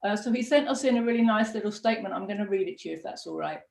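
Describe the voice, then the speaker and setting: A woman's voice: mid-range voice, racing, vocal fry, a little mellow. A middle-aged woman hosting a political broadcast, talking in a passionate, emphatic, conversational way. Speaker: party deputy leader hosting a live broadcast. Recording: echoey room.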